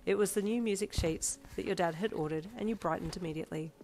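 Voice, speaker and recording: A woman reading a second-person fanfiction story aloud in an expressive narrating voice. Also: fairly low pitch, fast. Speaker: fanfiction reader. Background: soft backing music.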